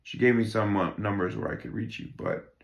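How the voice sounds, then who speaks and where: A man cold-reading a play, voicing a polite, guarded young woman who speaks in a hesitant, measured way. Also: on the low side, muffled recording, natural voice. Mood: explaining. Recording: roomy echo.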